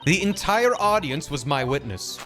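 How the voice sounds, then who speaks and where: A defeated comedian witness from a courtroom game moping about his failure, read out by a man. The voice sits a touch higher and rises and falls a lot. Game music runs underneath. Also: sing-song, moderate pace, fairly bright tone. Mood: mopey.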